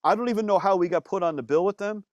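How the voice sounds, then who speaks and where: A man, a musician guest, telling stories in a casual interview, animated, with lots of fillers and some swearing. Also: high-pitched, very fast, dry recording.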